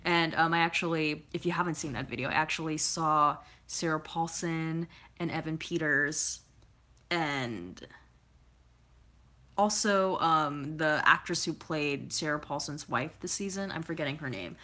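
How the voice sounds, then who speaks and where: A woman's voice: low voice, a little slow, pushed and bright. A woman from California chatting casually as she answers viewer comments, rambling with lots of filler words and laughing often. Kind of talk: casual chat.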